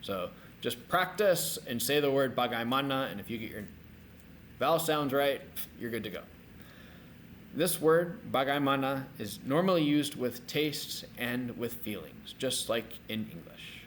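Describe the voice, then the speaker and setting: A middle-aged man giving a recorded language lesson, energetic and repeating words slowly for learners to copy. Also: mid-range voice, a little hiss or hum. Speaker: language teacher.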